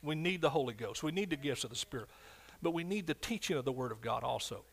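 A man preaching a fervent sermon as pastor, swinging from loud shouts to quiet, low asides. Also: expressive, fast talker, vocal fry.

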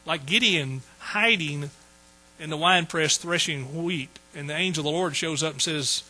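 A man's voice: on the high side, moderate pace, pushed and bright, low-quality recording. A man preaching a sermon in a folksy, joking way. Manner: folksy, joking asides to the congregation. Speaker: pastor.

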